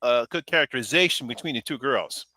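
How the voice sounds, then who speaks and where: A man's voice: mid-range voice, animated, fast talker, pushed and bright, dry recording. A man hosting a casual live stream chat about a horror film, rambling and laughing often.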